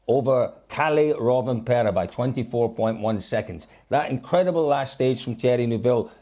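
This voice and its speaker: A man's voice: medium pitch, normal speed. A man hosting a casual rally review chat, energetically running through the standings. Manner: energetic, reels off results standings. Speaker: rally show host.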